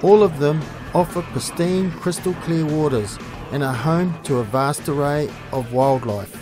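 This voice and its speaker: A man, hosting a fishing show and giving a steady, informative scripted voice-over. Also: a little high, a little slow, music in the background.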